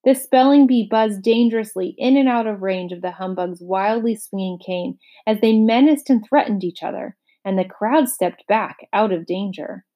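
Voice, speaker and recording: A woman reading a children's novel aloud, in a steady, clear storytelling manner. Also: mid-range voice, normal speed, few pauses, highs cut off. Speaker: storybook reader.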